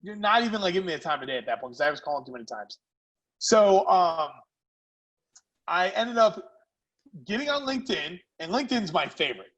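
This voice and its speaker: A man who founded a food company, a podcast guest telling animated stories in casual chat. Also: high-pitched, fairly quick, pauses often, dull audio. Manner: animated, lively storyteller. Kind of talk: casual storytelling.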